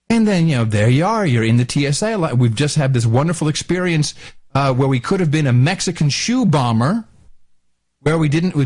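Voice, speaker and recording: A middle-aged man ranting in casual talk, angry, often barking out loud impressions of officials. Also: mid-range voice, expressive, a little fast.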